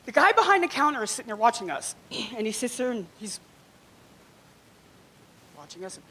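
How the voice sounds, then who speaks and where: A woman doing a first-time stand-up comedy set on a small club stage, talking in an animated way and giggling through her own jokes. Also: on the high side, moderate pace, a little hiss or hum.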